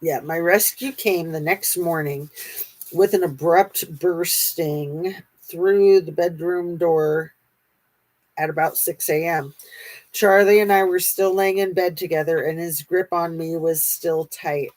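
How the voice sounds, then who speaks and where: A woman reads a memoir aloud at a slow, deliberate pace. Her voice sits a little low. She keeps a steady, unhurried reading manner with small pauses. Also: poor audio.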